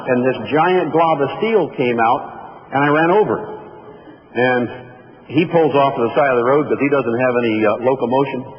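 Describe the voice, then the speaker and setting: A man's voice: mid-range voice, moderate pace. A man giving a motivational speech, telling folksy personal anecdotes to an audience. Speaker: motivational speaker. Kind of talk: storytelling keynote speech. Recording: echoey hall, dull lo-fi sound, faint noise.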